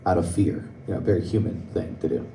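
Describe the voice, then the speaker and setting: On a club stage, a young man delivers a stand-up set, telling conversational stories and laughing at his own jokes. He's a fast talker with a deep, dark voice. The mic is far away, the club sounds roomy, and there's slight background noise.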